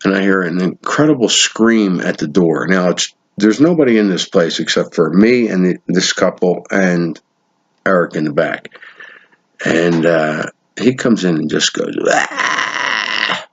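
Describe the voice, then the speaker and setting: A man telling a story in a casual monologue, animated and swearing now and then as he acts out what people said. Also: low-pitched, unhurried, husky. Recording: dull lo-fi sound.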